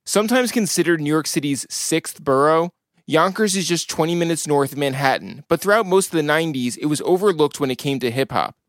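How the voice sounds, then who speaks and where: Measured male documentary narrator. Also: a little high, animated, no echo. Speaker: podcast host and narrator. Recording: dry studio voice-over over music.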